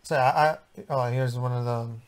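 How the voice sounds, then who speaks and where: A man's voice: mid-range voice, steady tone, moderate pace. Hesitant man chuckling through commentary. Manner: hesitant, lots of uh's, chuckles between remarks. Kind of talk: casual movie commentary chat.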